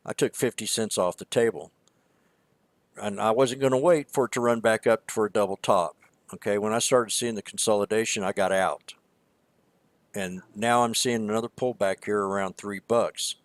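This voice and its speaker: A low-pitched man gives casual market commentary in a rambling, emphatic way, often repeating himself. His voice is recorded dry and close, with no room sound around it. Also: dry recording. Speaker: stock trading show co-host.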